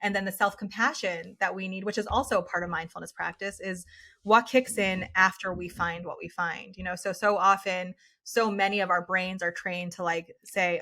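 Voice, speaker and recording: Bright-voiced woman, earnest and chatty. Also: lowish voice, steady tone, brisk. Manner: earnest, with many "like" and "you know" fillers. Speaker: guest psychologist. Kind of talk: casual interview conversation.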